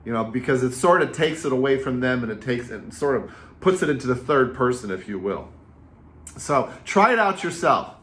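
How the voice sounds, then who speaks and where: Energetic chatty man in a roomy space. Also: medium pitch, moderate pace. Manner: energetic, chatty storyteller with repetitive phrasing. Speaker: real estate agent and coach. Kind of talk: casual coaching talk to camera. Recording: roomy echo.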